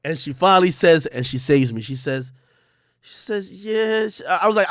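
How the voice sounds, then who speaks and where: Animated high-pitched man telling a story. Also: moderate pace, no room sound, studio quality. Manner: profane, laughing, acts out both sides of the dialogue. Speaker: streamer.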